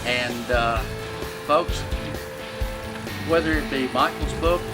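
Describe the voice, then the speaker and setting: A man's voice: medium pitch, slow pace, over loud music, low-quality recording. A man, a former detective, talking to an audience about his books and his work, acting out the people he quotes. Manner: animated storyteller, acts out quoted people. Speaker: retired detective and author. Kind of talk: promotional talk addressed to an audience.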